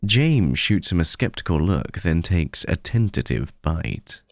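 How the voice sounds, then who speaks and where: Male horror narrator, deep gravelly voice, slow hushed delivery, dry close sound. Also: sing-song, no room sound. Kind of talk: scripted narration of a horror short story.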